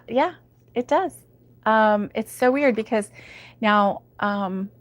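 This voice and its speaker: Chatty woman crocheting at home. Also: mid-range voice. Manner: chatty and giggly, with many ums. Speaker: crochet livestream host. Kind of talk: casual livestream chat reading viewer comments.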